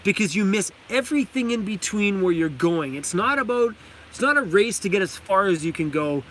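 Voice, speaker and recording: Canadian guy live streaming from his van, high voice, laughs a lot, faint vehicle hum behind. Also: expressive, normal speed, fairly bright tone. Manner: enthusiastic, laughs often, reads chat names aloud. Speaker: vlogger hosting a live stream. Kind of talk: casual live stream chat. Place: inside a parked van.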